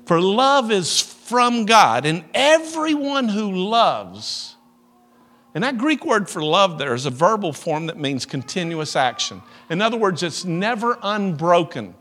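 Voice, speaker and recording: A middle-aged man preaching a sermon, telling a story with loud emphasis and soft asides. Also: on the high side. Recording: long reverb of a large hall.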